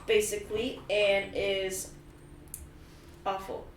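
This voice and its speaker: A woman's voice: mid-range voice, level tone, takes it slowly. Brief: young woman game master, casual and sweary, roomy far-off mic with faint room noise. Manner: laughs often, swears freely, bursts into loud yelps. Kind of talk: casual chat and tabletop game narration. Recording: roomy, distant mic, faint background ambience.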